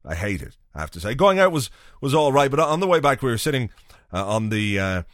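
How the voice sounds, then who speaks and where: Wry, profane podcast host. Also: male voice, medium pitch, sing-song, brisk, dry recording, studio quality. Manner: rambling, profane, wry storytelling. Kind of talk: casual solo podcast monologue.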